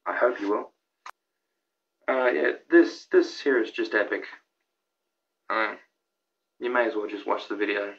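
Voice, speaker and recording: Rambling excitable young man. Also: lowish voice, measured pace, creaky, pauses often, dull audio. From Australia. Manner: rambling and excitable, with many restarts and fillers. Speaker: YouTuber presenting a countdown of his own videos. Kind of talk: casual vlog commentary.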